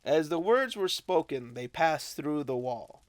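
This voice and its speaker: Expressive, unhurried male narrator. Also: fairly high pitch, no room sound. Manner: expressive, unhurried storytelling reading. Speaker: audiobook narrator. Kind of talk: scripted narration.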